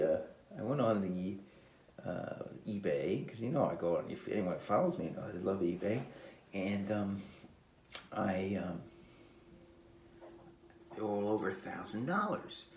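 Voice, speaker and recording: An older man hosting his own podcast, talking in a meandering, halting way with frequent fillers and chuckles, recorded on a phone on a tripod. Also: on the low side, warm tone, a little hiss or hum. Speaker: podcast host. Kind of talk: rambling casual monologue. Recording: echoey room with faint ambience.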